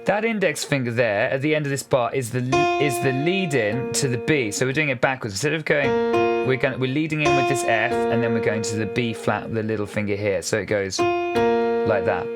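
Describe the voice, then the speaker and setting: A man's voice: medium pitch, normal speed. A man giving a casual, patient piano lesson, counting beats aloud as he explains the fingering. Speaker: piano teacher. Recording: piano music loud under voice. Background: piano playing.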